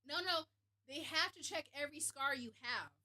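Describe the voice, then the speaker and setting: A woman streamer tells a story to her live chat with animation and candor. Her voice sits high and rings bright. She laughs easily and swears without pause. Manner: animated, laughing, frank and profane.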